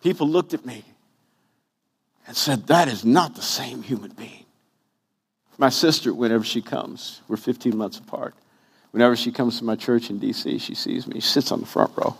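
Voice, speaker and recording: A man's voice: medium pitch, moderate pace, creaky, husky. A pastor preaching a sermon, acting out quotes with wide swings in his voice.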